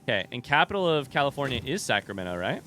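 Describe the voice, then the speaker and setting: A young man from the United States chatting casually while playing a game on a livestream, thinking out loud in a rambling, distracted, self-deprecating way. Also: mid-range voice, big pitch swings, quick pace, a little hiss or hum. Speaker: streamer.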